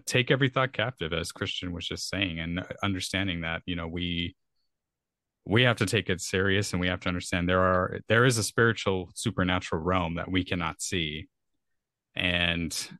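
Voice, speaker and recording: Earnest deep-voiced man, rambling podcast talk. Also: bright, forceful tone, no room sound, studio quality. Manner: earnest, rambling with frequent restarts. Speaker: podcast co-host. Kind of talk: casual conversational discussion.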